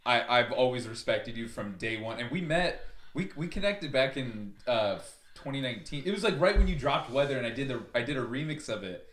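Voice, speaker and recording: A man's voice: mid-range voice, expressive, brisk, fairly bright tone. A young man hosting a podcast, chatting casually, eager and effusive, stammering over his words. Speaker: podcast host. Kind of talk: casual chat. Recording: roomy echo.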